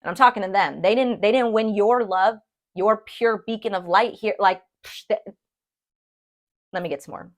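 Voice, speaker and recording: A woman giving a casual tarot reading to her viewers, chatty and animated, checking in with them often. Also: medium pitch, normal speed. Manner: chatty and animated, addresses viewers as "you guys", frequent "okay?". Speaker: tarot reader.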